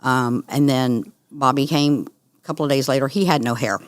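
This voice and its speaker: A middle-aged woman, a guest on an interview, telling her story in an earnest, animated way. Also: rumbling low, moderate pace, dry recording, studio quality. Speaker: guest, cancer survivor. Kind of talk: conversational interview.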